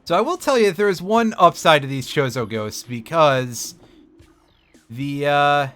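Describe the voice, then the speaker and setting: Man, game streamer, live commentary, wry and joking, fairly high bright tone, faint game music behind. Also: lively intonation, unhurried. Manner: wry, self-mocking, talks to chat.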